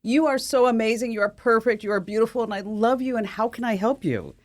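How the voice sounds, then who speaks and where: A woman's voice: fairly high pitch, brisk, pitched above the performer's own voice, natural voice. A woman putting on a gushing, sugary voice assistant. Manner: sugary, flattering, sing-song. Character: gushing upbeat female voice assistant. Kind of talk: comic impression on radio.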